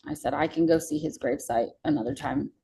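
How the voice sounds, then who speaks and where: A young woman with a low voice shares a personal story as a podcast guest. Her tone is raw and casual, with plenty of swearing, and her voice has a gravelly edge. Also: quick pace, mellow, slight background noise, rough recording. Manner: candid, swears freely.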